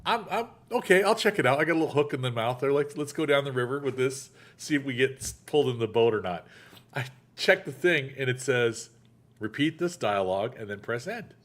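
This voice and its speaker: A man hosts a relaxed chat, chatty and animated as he tells a story. He slips into quoted voices along the way. His voice sits at an ordinary middle pitch. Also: brisk. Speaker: podcast host. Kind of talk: casual chat.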